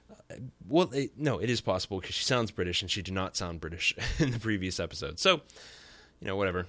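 A man in his thirties hosts a podcast by himself, recapping an episode in a loose, joking ramble with plenty of ums and uhs. His voice sits on the lower side. It comes through a podcast mic in a dry, dead-sounding room. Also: expressive, fairly quick, pushed and bright, no room sound. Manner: rambling and joking, with frequent fillers. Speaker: podcast host. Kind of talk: casual solo episode recap.

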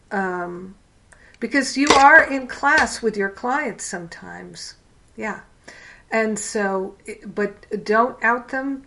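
Slow, candid woman teaching a class. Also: medium pitch, sharp tone. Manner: candid, storytelling, frank. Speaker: spiritual counseling teacher. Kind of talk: casual class lecture.

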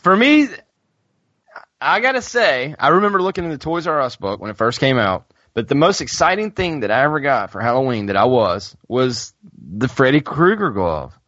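A man co-hosting a podcast, telling stories in a casual, animated chat. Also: mid-range voice, moderate pace, no room sound, muffled recording. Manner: animated storyteller, laughs often. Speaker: podcast co-host.

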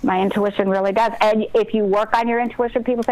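A woman's voice: mid-range voice, steady tone, quick pace, a little mellow, rough recording. Woman author, radio guest, earnest motivational delivery. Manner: earnest, motivational, talks about breathing and intuition. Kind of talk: casual radio interview.

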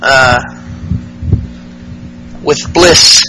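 A man's voice: mid-range voice, drawn-out words, pushed and bright, a little hiss or hum, rough recording. A male podcast host recapping wrestling casually, rambling and profane, with lots of fillers.

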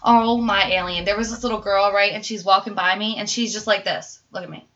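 A woman hosting a podcast, telling stories in an animated, chatty way with lots of "like". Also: medium pitch, brisk, lo-fi sound. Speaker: podcast host. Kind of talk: casual chat.

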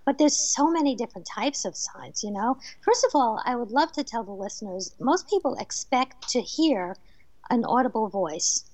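A woman from New Jersey, a medium and author, telling lively personal stories as a guest in a radio interview, laughing often. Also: a little high, normal speed, no room sound, low-quality recording. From New Jersey, USA.

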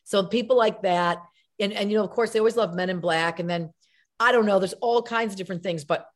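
A middle-aged woman, an actress and comedian, chatting as an interview guest and acting out quotes in voices. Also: medium pitch. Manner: animated storyteller, acts out quotes in voices.

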